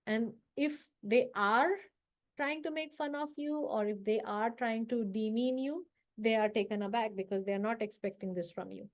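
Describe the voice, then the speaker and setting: With a slightly high voice, steady tone, and normal speed, a woman trainer from South Asia coaches a live audience on confidence. She keeps things casual, acts out brief workplace phrases, and checks in to see whether listeners agree.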